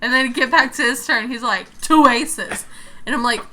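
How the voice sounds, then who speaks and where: A woman's voice: a little high, fairly even intonation, fast, sharp tone, slight background noise. A young woman co-hosting a podcast, telling a story with lots of laughter and swearing. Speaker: podcast co-host. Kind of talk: casual chat.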